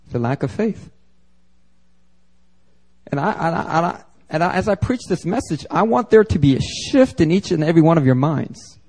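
A pastor from Philadelphia preaching a sermon to a congregation, emphatic and conversational, with slangy asides. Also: male voice, mid-range voice, a little mellow. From Philadelphia, United States. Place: church service before a congregation.

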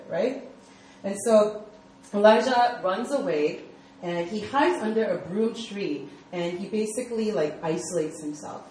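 A woman's voice: mid-range voice, measured pace, darkish tone, a little hiss or hum. Chatty young woman preaching in an echoey hall. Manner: chatty storytelling full of fillers. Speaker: speaker at a church youth group. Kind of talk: casual sermon. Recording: echoey room, mic far off, faint ambience.

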